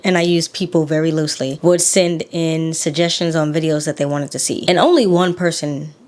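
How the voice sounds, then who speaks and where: A woman's voice: low voice, fairly even intonation, brisk, darkish tone. A woman hosting a casual TV-show commentary video, chatty and opinionated as she shares her thoughts. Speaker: YouTube host.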